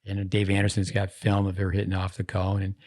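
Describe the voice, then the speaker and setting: Deep-voiced and darkish in tone, this man speaks a little fast with completely flat delivery. He hosts a podcast, chatting casually and digressing from story to story.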